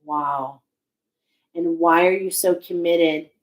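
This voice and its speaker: A woman's voice: on the low side, steady tone, slow pace, rough recording. A woman giving a spiritual oracle card reading, speaking in a searching, emotional way with many restarts.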